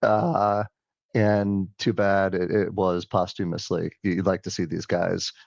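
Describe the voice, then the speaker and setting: A man with a fairly low voice co-hosts a sports podcast, chatting in an easygoing way and tossing questions to the others. The recording is dry and a little dull, with the top end muffled. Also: flat delivery, unhurried, gravelly, dry recording. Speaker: podcast co-host. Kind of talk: casual sports chat.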